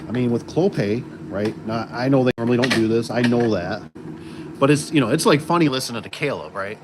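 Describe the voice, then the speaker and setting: A garage door installer chats casually in a work vlog, rambling with lots of fillers while using tools on a job site. His mid-range voice is fairly quick. Work-site noise and vehicles can be heard behind him.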